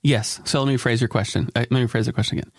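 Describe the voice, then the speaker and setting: Man, podcast host, casual chat, rapid talker, dry close sound, laughs a lot. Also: mid-range voice, no room sound. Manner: fast, animated, laughs often.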